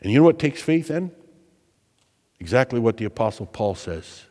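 Emphatic preacher in a reverberant church. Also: male voice, medium pitch, very animated, normal speed. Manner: emphatic, repeats phrases for stress, swings between loud and hushed. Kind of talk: sermon.

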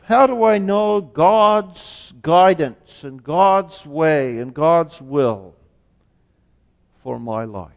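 A man preaching a sermon as pastor, slow and deliberate, asking rhetorical questions. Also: on the high side, lively intonation, gravelly. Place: church sanctuary. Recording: long church reverb.

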